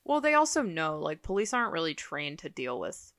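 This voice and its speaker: Bright-voiced woman chiming in on a podcast. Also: low-pitched, big pitch swings, no echo, studio quality. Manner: chatty, chimes in with quick reactions and opinions. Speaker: podcast co-host. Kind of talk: casual TV episode recap chat.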